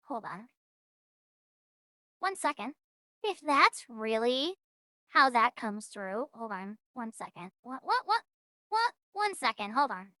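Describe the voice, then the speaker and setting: A woman's voice: fairly high pitch, slow pace, pauses often, no echo, clean studio sound. A woman streaming a game, chatting casually and a bit scattered with her viewers. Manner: scattered, animated, talks to chat. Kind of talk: casual gameplay chat.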